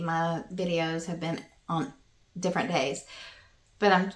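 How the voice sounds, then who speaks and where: A woman in her fifties with a Southern US accent, talking to her viewers in a halting, earnest, homespun way. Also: fairly low pitch, roomy sound. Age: 50s. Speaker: vlogger. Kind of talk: casual talk to camera.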